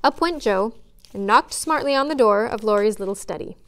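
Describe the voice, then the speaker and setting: A woman, a children's librarian, reading a chapter book aloud in a friendly, measured way. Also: mid-range voice, fairly bright tone.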